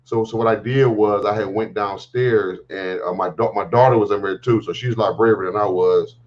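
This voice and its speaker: A middle-aged man hosting a live morning show, telling a story with animated exclaims and laughs. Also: fairly low pitch, fairly quick. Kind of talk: casual live-stream chat. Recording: muffled online call audio.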